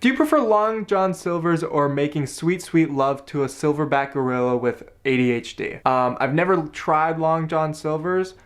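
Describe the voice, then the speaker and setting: A young man, a college student answering viewer questions in a casual, self-deprecating Q&A vlog, often jumping into high silly voices. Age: young adult. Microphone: camera with viewfinder, self-filmed.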